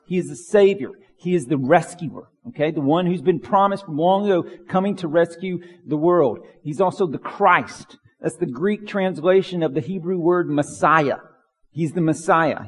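Pastor, male, fairly high husky voice, earnest sermon, long hall reverb. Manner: earnest preaching, builds in intensity through long lists. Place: church sanctuary.

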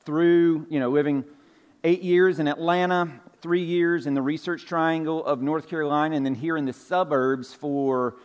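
A man's voice: fairly high pitch, steady tone, normal speed, clear, resonant tone, in a large hall. A man in his forties from Georgia with a light Southern accent, preaching a conversational, folksy sermon to his congregation. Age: 40s. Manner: conversational, folksy, with fillers and asides. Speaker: pastor. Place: church sanctuary.

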